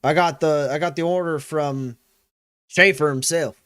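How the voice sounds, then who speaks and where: A man voicing a gruff male soldier who blusters and swears while pushing his bluff. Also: on the high side, steady tone, a little slow, a bit bright, no room sound, studio quality. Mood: blustering.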